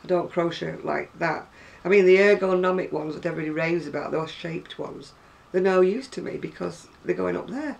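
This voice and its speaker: Gravelly older northern English woman. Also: fairly low pitch, a little fast, hardly any pauses, far from the mic, muffled recording. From North West England. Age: 60s. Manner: chatty and rambling, with frequent laughs. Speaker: craft seller. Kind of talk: casual chat to camera.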